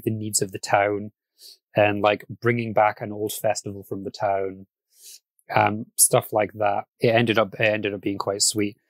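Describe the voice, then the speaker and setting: A man hosting a casual podcast, chatty and quick to laugh, often restarting his sentences. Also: on the low side, dry recording. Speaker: podcast host.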